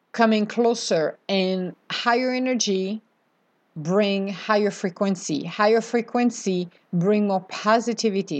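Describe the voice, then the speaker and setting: A woman giving a casual, animated spiritual talk, dropping in playful asides. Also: mid-range voice. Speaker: spiritual speaker.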